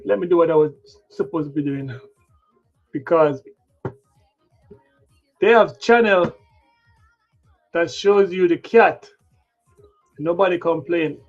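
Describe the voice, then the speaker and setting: A man hosting a trading livestream mutters to himself in a slow, drowsy ramble and breaks now and then into loud, playful bursts. His voice sits high and rough with fry. Faint music runs under a dull, lo-fi recording. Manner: muttering to himself while setting up the screen. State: yawning, tired. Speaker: livestream stock trading host.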